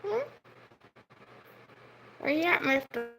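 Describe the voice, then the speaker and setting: A woman on a livestream tears into her viewers' comments with a heated, swearing, scolding delivery. Her voice sits on the high side, and she drags her words out slowly. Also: lively intonation, creaky, pushed and bright, slight background noise, rough recording. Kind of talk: livestream rant at chat.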